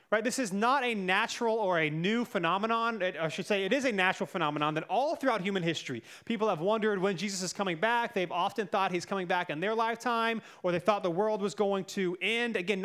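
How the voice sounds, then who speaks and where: A man's voice: high voice, a bit bright. A man giving a casual, conversational sermon as a pastor, talking through his points with many fillers and asides. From United States.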